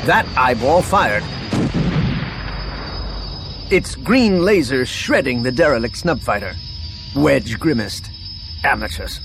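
A man's voice: mid-range voice, animated, slow, gravelly, pauses often, music in the background. A man narrating an action novel as an audiobook reader, reading expressively and voicing the characters' dialogue. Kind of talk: scripted narration.

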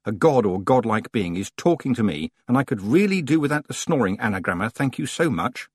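Man doing a blunt young witch girl, brisk and forceful, lively pitch, husky. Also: no room sound, studio quality. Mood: anxious.

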